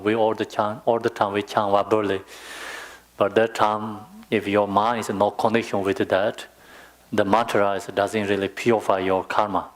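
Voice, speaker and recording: A man with a Tibetan accent giving a dharma teaching on meditation, speaking patiently with simple phrasing and frequent pauses and fillers. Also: lowish voice, little pitch movement. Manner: slow, patient, non-native phrasing with many fillers.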